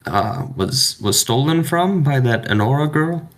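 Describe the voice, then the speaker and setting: A man's voice: mid-range voice, lively intonation, unhurried. A man player in a tabletop game, talking in character in a blunt, questioning way.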